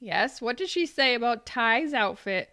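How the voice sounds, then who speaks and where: A woman's voice: on the high side, animated, measured pace, bright, forceful tone, no room sound, studio quality. A woman in casual chat, playfully quizzing a friend and laughing often. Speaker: quiz host.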